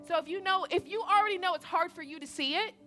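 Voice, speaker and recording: A young woman preaching a sermon in an animated, conversational way, repeating her points and checking in with the audience. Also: extremely high pitch, quick pace, soft background music.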